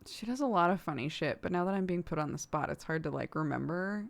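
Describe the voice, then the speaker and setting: Low-voiced chatty American woman. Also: quick pace, creaky. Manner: chatty, laughs often. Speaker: streamer. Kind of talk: casual chat while gaming.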